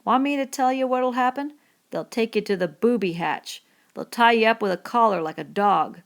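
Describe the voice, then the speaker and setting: A woman reading the part of a bitter, lonely middle-aged male stable hand in a rough rural dialect, in an audiobook. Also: fairly high pitch, normal speed, pitched above the performer's own voice. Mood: needling.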